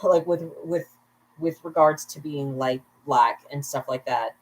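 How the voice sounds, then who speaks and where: A woman with a low, husky voice hosts a casual livestream from home at bedtime. She is a little tipsy, rambles freely, laughs often and keeps turning aside to chat with her viewers. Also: measured pace, low-quality recording. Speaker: vlogger, livestream host.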